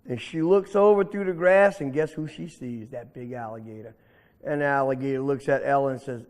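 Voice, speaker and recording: A man telling a story live to children, animated and asking the audience questions. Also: medium pitch, brisk. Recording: echoey hall reverb.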